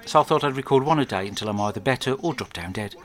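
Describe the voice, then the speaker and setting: A man with an English accent telling a crude comic diary monologue, rambling and deadpan. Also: medium pitch, fast talker. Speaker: podcast host.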